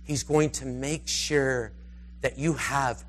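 A man preaching, telling a rambling, animated story and slipping into the voices of its characters. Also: mid-range voice, slow, slight background noise. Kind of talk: storytelling sermon.

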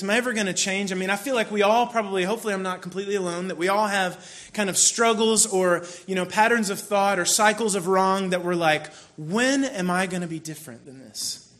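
A man preaching a sermon in a relaxed, conversational storytelling way, with sudden bursts of mock frustration. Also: sits high. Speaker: pastor.

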